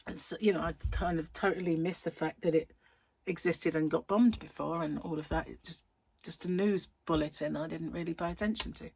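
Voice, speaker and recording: A woman's voice: sits low, steady tone, moderate pace, vocal fry, darkish tone, husky, no room sound. A woman, a crochet channel host chatting through a rambling, giggly anecdote. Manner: chatty, giggly, self-interrupting storyteller. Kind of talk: casual chat, rambling anecdote.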